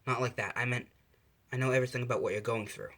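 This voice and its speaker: A man voicing an adult male hero teacher who is guarded but caring, halting and repeating his words, in a fan storytelling video. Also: mid-range voice, fairly even intonation, fairly bright tone, natural voice. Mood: earnest.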